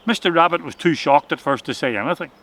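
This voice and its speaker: A man reading a children's adventure story aloud in an expressive, dramatic way. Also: fairly high pitch.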